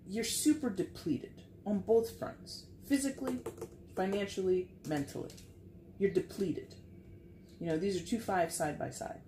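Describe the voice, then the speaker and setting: Unhurried and mellow at a medium pitch, a tarot reader delivers a frank, casual reading to camera, sighing frequently and cursing now and again. There's a little hiss or hum, and the echoey room carries faint ambience.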